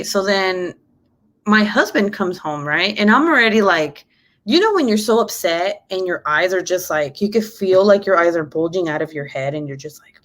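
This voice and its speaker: A young adult woman chatting casually to camera, telling a story with lots of swearing and acted-out quotes. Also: medium pitch. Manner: animated, swears freely, acts out quotes. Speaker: mom vlogger.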